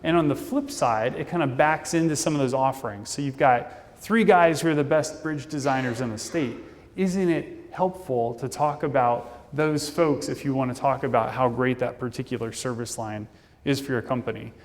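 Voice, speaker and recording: A man giving a fast, casual, jokey conference talk from a stage. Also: mid-range voice. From Indianapolis, Indiana, US. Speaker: conference speaker. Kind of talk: keynote presentation. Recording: long reverb of a conference hall.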